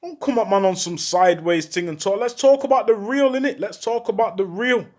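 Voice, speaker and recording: Urgent high-voiced talker. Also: male voice, animated, fairly quick, darkish tone. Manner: urgent, repeats rhetorical questions, heavy street slang. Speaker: former prisoner speaking out. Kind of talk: impassioned monologue to camera.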